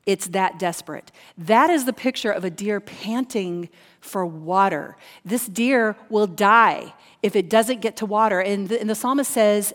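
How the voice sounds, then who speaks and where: Woman, preacher, earnest sermon, repeats phrases, mid-pitched voice, long hall echo. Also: measured pace. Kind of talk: sermon reading scripture and teaching.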